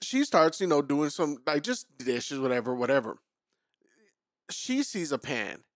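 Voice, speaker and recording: A man hosting a casual podcast, his voice sitting a bit high for a man. He tells stories through laughter and restarts, recorded close and dry with no room sound. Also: unhurried, no room sound. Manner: laughing, animated storyteller. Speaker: podcast host. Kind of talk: casual storytelling chat.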